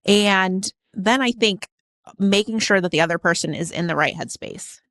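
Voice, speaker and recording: A woman co-hosting a relaxed podcast chat, calm and affirming and quick to laugh. Her voice sits in a middle register. The recording is dry and close, with no room sound. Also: medium pitch, no echo. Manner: measured, affirming, laughs easily. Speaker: podcast co-host. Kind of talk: casual podcast conversation.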